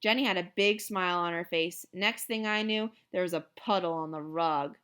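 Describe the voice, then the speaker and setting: A woman reading a children's novel aloud in an expressive storytelling manner. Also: lowish voice, moderate pace, smooth. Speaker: reader.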